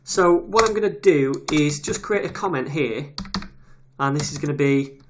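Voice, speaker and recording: Easygoing male tutor voicing a screen recording, relaxed and chatty, keyboard clicks underneath. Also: on the high side, moderate pace. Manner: casual, chatty, reads details aloud while typing. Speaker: web development tutor. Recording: audible keyboard typing noise. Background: keyboard clicks and typing.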